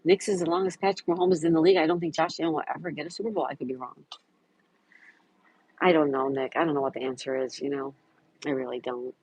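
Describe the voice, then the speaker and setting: Husky man hosting a chatty livestream. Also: on the high side, fairly even intonation, quick pace, a little mellow, poor audio. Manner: reads viewer comments aloud and greets chatters by name. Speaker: livestream host. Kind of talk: casual livestream chat. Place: home in Florida.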